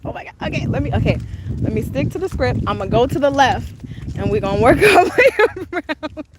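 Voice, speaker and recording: Sitting high in pitch with big swings and a slightly fast pace, this young adult woman's voice carries a gushing, chatty live-stream as she tours an outdoor park on her phone. She's a travel vlogger, and the audio includes wind and outdoor ambience.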